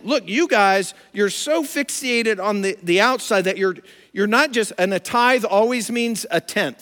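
A man's voice: high voice, a bit bright, big-room sound. A man giving a conversational sermon, explaining and paraphrasing scripture in plain everyday words. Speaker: preacher. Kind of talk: sermon, Bible teaching.

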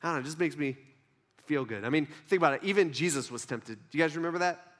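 A man's voice: fairly high pitch, fast talker, fairly bright tone. A man preaching a sermon in a casual, conversational way, acting out the people in his story. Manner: conversational, playful, acts out dialogue in voices.

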